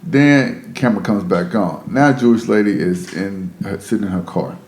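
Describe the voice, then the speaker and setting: A man's voice: fairly low pitch, normal speed, a little mellow, reverberant. A man telling a story in a casual podcast chat, loose and rambling, checking in with "right?".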